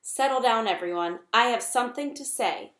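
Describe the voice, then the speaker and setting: A woman's voice: on the high side, lively intonation, normal speed, fairly bright tone, echoey room. A woman voicing an anxious male owl who screeches warnings to a crowd of animals, in a storybook reading. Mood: urgent.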